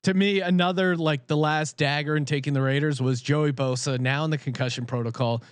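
A man's voice: fairly high pitch, steady tone, fairly quick, smooth, no echo. Blunt, profane sports-betting co-host man. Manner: blunt and profane, candid picks. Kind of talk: casual sports betting chat.

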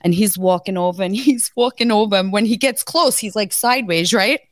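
A woman's voice: medium pitch, a little fast, no echo. A woman co-hosting a podcast, telling stories with lots of swearing and laughter in a casual chat. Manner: animated storyteller, swears freely, laughs often. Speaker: podcast co-host.

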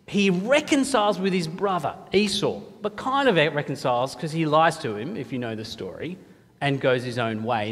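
A man's voice: fairly high pitch, slightly rough, in a large hall. A man preaching a sermon in a reflective, conversational teaching manner. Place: church.

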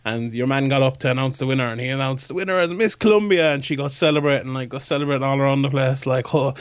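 A man's voice: mid-range voice, fast talker, clean tone, no echo. A man co-hosting a podcast over a remote call, chatting casually and often stammering as he restarts. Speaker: podcast co-host. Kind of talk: casual chat. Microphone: remote call with a shaky internet connection.

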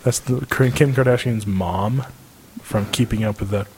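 A man co-hosting a casual podcast chat, crude and quick to laugh. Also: lowish voice, a little mellow, breathy edge. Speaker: podcast co-host.

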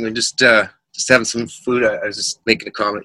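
A middle-aged man with a forceful, bright voice and a slightly low pitch tells rock-tour stories as a podcast guest. He slips into other people's voices for quotes and laughs as he goes. The sound is dry and close. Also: fast, few pauses, no room sound. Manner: animated anecdotes, acts out quotes, laughs often. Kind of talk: casual storytelling in a podcast interview.

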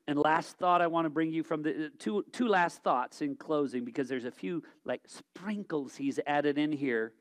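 Man preaching, high voice, emphatic, loud then hushed, stumbling repeats. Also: moderate pace, few pauses. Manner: emphatic, with big swings between loud exhortation and quiet reflection; stumbles and repeats words while thinking aloud. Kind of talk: sermon.

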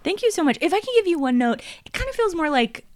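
A woman's voice: very high-pitched, big pitch swings, fast talker, no room sound, studio quality. A woman co-hosting a comedy podcast, playful and mock-solemn. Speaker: podcast co-host.

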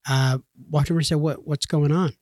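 A man's voice: a little high, brisk, dry recording, studio quality. A man in his thirties co-hosting a casual podcast, telling stories and acting out the voices. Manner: animated storyteller, acts out voices. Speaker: podcast co-host. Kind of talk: casual chat.

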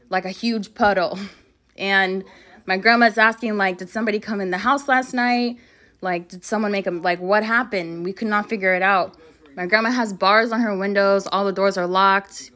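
A woman's voice: medium pitch, sharp tone. A woman casually telling a creepy story from her childhood, rambling with lots of "like" and quoting her family. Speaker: guest storyteller.

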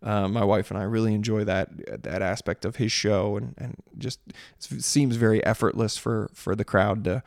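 A man's voice: fairly low pitch, steady tone, normal speed, vocal fry, no room sound, studio quality. A man from Maryland, a singer-songwriter in his thirties, chatting casually and rambling, sarcastic about spam messages. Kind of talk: casual chat.

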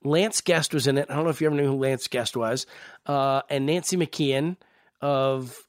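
A man, an actor guest, telling animated anecdotes in casual podcast conversation. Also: mid-range voice, moderate pace, dry recording, clean studio sound. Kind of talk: casual storytelling.

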